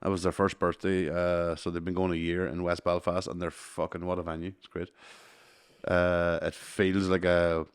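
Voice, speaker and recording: A Northern Irish man with a very low voice, co-hosting a comedy podcast. His replies are dry and laid-back, with casual swearing throughout the chat. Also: monotone, normal speed, clean tone. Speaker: podcast co-host.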